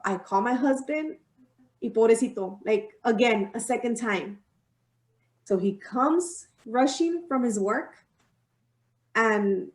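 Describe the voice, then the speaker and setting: A woman with a voice on the high side, recorded from a distance in a roomy-sounding space, co-hosts a podcast. Telling a personal story in casual chat, she's heartfelt, mixes English and Spanish, and uses many fillers.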